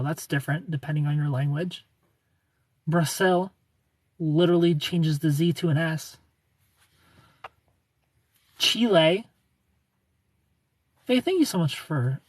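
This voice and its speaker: A man's voice: fairly high pitch, darkish tone, breathy edge, no echo. A man hosting a livestream, chatting casually and playfully, greeting his viewers by name. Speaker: livestream host.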